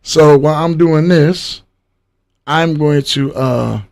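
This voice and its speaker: A man's voice: fairly high pitch, takes it slowly, creaky, a little mellow. Chatty livestream host, man. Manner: loose, chatty, talks straight to viewers. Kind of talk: casual live-stream chat.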